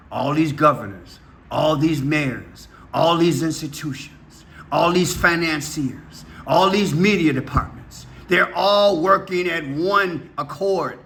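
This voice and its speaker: Impassioned preacher guy on his video, urgent, really sharp edgy voice. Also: fairly high pitch, creaky. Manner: impassioned, urgent, repetitive rhetorical questions. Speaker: preacher vlogger. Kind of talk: fervent preaching monologue.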